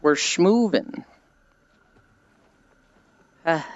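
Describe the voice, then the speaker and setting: A woman's voice: low-pitched, expressive, drawn-out words, a little mellow, no room sound, dull audio. A woman streamer chatting casually and rambling with frequent giggles while she walks. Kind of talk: casual chat while walking.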